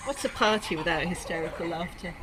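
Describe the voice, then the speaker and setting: A woman's voice: on the low side, brisk, fairly bright tone, low-quality recording. Effusive English woman hosting outdoors. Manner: effusive, chatty, laughs easily. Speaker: podcast host. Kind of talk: warm interview chat. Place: outdoors among birds and insects. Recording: outdoor noise of birds and cicadas. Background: kookaburras and cicadas.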